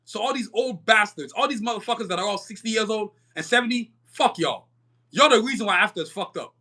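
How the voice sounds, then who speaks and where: A man's voice: sits high, lively intonation, a little fast, sharp tone. A young man hosting a podcast, delivering a fiery, profane, emphatic monologue and often stumbling over repeated words. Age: young adult. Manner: emphatic, repetitive stumbling restarts. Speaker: podcast host. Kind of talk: live-stream podcast monologue.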